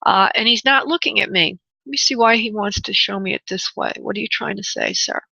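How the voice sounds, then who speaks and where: A woman hosting a call-in radio show as a spirit medium. She talks in a halting, searching way with many restarts and calls her callers honey and love. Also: mid-range voice, gravelly, bright, forceful tone, husky, no echo, muffled recording.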